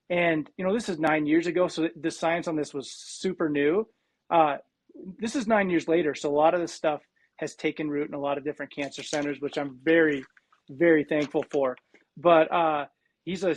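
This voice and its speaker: Male guest, 40s, from South Dakota; slightly raised pitch, dry close mic, animated storyteller. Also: fairly quick, no room sound. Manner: animated, frequent restarts and quoted dialogue. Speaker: guest, cancer survivor. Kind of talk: casual storytelling interview.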